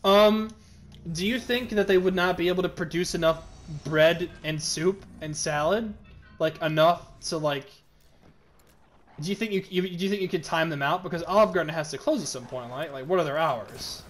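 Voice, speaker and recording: A man's voice: on the high side, moderate pace, slight background noise. A man riffing in casual comedic banter, rambling and profane, spinning absurd hypotheticals.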